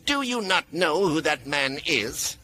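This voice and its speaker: A man voicing an imperious, ageless female mage who speaks with sharp authority and sly sweetness. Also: fairly high pitch, big pitch swings, takes it slowly, a little hiss or hum, voice pushed up, exaggerated voice. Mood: commanding. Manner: commanding and sly.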